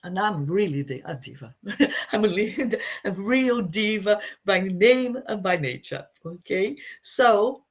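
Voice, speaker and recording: A woman teaches to beginners over a video call, her coming through as she talks. She sounds a little gravelly and husky. She chats through each point and keeps checking in with her learners, and the audio is dull and lo-fi. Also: medium pitch, lively intonation, slow pace. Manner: chatty, explains with frequent "okay?" checks. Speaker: Portuguese teacher. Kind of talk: online language lesson. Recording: dull lo-fi online class audio.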